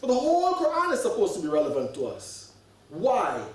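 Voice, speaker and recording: A sheikh delivers an earnest religious sermon to a gathering, his high-pitched voice swooping wildly as he speaks briskly. He thinks aloud, piling up rhetorical questions and repeating words. The recording comes from a distant mic in an echoey hall.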